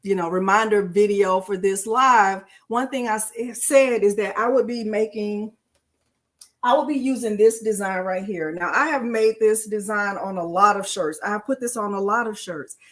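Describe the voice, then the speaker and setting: A middle-aged woman, hosting a casual live-stream crafting tutorial and talking to viewers in a chatty, warm-hearted way. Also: mid-range voice, normal speed. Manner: chatty and emotional, addresses viewers as y'all.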